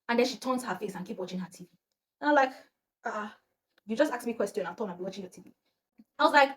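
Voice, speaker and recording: A woman's voice: racing, slight background noise. A young woman from Nigeria with a Nigerian accent, telling a personal story in casual vlog chat and acting out the voices of the people in it. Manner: animated, acts out quoted voices, often drops to a low murmur. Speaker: storyteller vlogger.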